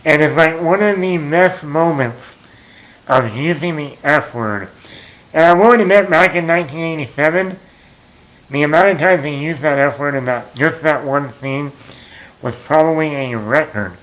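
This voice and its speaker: A man's voice: a little high, normal speed, a bit bright, low-quality recording. A man hosting a movie talk show, rambling casually as he retells scenes and quotes lines with chuckles.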